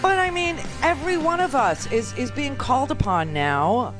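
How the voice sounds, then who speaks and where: A woman hosting a political radio talk show, brash and sarcastic, with lots of fillers and quick asides. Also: high-pitched, big pitch swings, music in the background. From New York. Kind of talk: political commentary monologue.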